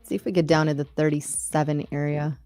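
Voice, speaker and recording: A woman's voice: deep voice, fairly even intonation, a little fast, warm tone, no room sound, soft background music. Upbeat, often laughing woman co-host. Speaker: co-host of a live trading show. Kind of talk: casual live-stream banter and market commentary.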